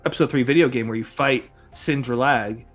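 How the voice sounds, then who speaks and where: A man's voice: medium pitch, fairly quick, faint music behind. A man hosting a casual podcast, rambling with lots of fillers and chuckles. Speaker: podcast host. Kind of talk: casual chat.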